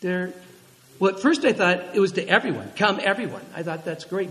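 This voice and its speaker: A man preaching a sermon, telling stories with animated energy and throwing questions to the congregation. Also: high voice, brisk, long reverb tail, low-quality recording. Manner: lively, animated storytelling with audience questions. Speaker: pastor.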